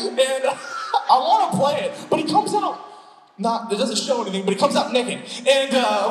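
Animated joking pastor in an echoey church hall. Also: male voice, very high-pitched, moderate pace, over music. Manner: animated, joking, acts out scenes in funny voices. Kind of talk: sermon. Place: church sanctuary. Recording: echoey hall, long reverb.

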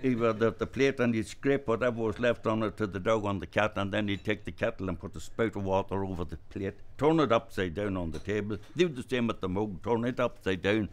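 Older Donegal storyteller, lowish voice. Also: male voice. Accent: Irish, Donegal. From Ireland, Inishowen area. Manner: lively, acts out voices and gestures, chuckles along. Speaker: traditional storyteller. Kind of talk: live traditional storytelling.

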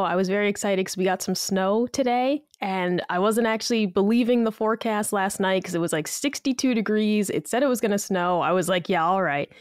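A woman's voice: mid-range voice, clear, resonant tone, no room sound, clean studio sound. A woman co-host chatting in a cheerful, talkative way on a casual podcast.

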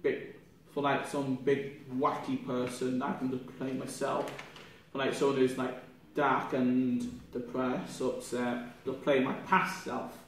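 A young man, a drama student, reflecting aloud on his performance in a halting, rambling way with many restarts, sounding ill with a cough. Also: mid-range voice, level tone. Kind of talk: spoken self-reflection. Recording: echoey room from far off, faint noise.

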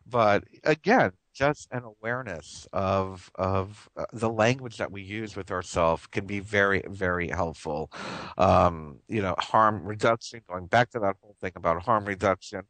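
An earnest male radio host talks in a rambling monologue, restarting his sentences and chuckling as he goes. His voice sits a little low. The sound is dry and close, with no room echo. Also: moderate pace, a bit bright. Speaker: radio talk show host.

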